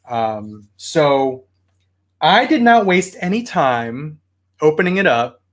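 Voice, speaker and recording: A man casually showing off his new toy haul at home, chatty and excitable. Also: medium pitch. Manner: chatty, excitable, yells at his barking dog. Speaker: toy collector vlogger.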